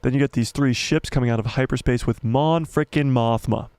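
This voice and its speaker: A man hosting a live stream, excitedly breaking down a trailer, talking quickly and repeating phrases. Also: mid-range voice, clean tone, dry recording.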